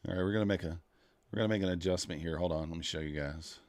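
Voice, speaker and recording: A man livestreaming his futures trading, chatting casually and rambling to viewers while fiddling with his software. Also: deep voice, rapid-fire, no echo.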